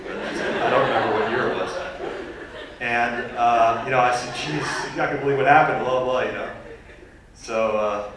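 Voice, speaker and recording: A man telling a funny personal story as a guest speaker at a university lecture, animated and self-deprecating. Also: medium pitch, normal speed, background noise. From New York. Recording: echoey hall recorded from far off.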